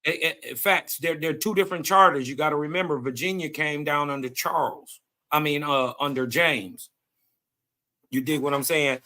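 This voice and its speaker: A man's voice: a little high, normal speed, pushed and bright. A man co-hosting a casual group discussion, explaining points in a slangy, agreeable way. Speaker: podcast co-host.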